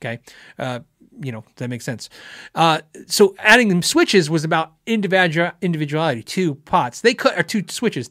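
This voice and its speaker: On his live guitar show, a man with a fairly bright voice on the high side chats loosely with viewers, answering their questions, rambling, and laughing as he performs quotes. The studio sound is clean, with no echo.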